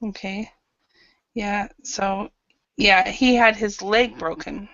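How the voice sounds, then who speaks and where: A woman's voice: mid-range voice, steady tone, slow, fairly bright tone, no echo, lo-fi sound. A woman teaching an online English grammar class, patiently calling on students by name and correcting their answers.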